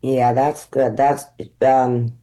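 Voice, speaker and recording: An American woman actor, a guest in an interview, telling lively stories and acting out the dialogue in them. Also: rumbling low, slow, rough recording. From United States. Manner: animated, acts out dialogue in her stories. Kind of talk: conversational interview storytelling.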